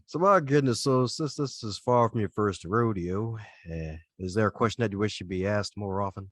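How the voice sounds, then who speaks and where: Low-voiced podcast host man. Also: normal speed, no room sound. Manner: chatty, laughs often. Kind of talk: casual interview chat.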